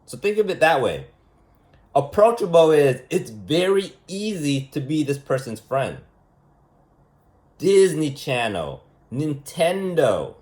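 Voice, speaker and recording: A man's voice: fairly high pitch, big pitch swings, slow, a little mellow. A man giving a casual, unscripted monologue lesson as a vlogger, rambling and emphatic, repeating himself and asking rhetorical questions.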